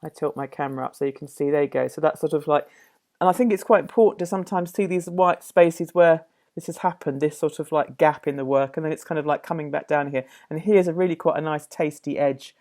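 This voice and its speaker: A woman demonstrating a watercolour painting, musing aloud as she works, with many pauses and self-corrections. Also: deep voice, darkish tone. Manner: thoughtful, musing, full of fillers and self-corrections. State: slightly out of breath at times. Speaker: art teacher.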